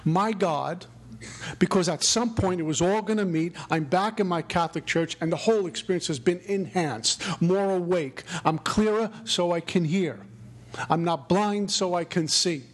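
A middle-aged man with a notably high voice gives a spiritual recovery talk. He speaks earnestly and reflectively. His phrasing has a preacherly lilt. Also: normal speed.

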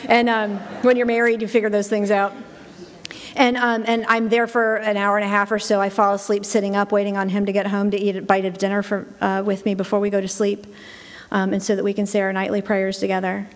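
A middle-aged woman tells her own story to a room, leaning on repeated phrases for weight. Her voice keeps to a narrow, even pitch. Long reverb trails each line, as in a big hall. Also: a little fast. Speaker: speaker sharing personal testimony. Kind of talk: spoken personal testimony.

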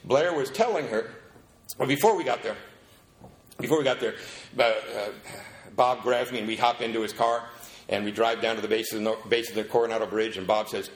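A man telling a lively story at a recovery meeting and acting out the people in it. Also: fairly low pitch, a little fast, echoey room. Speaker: speaker sharing his story at a recovery meeting.

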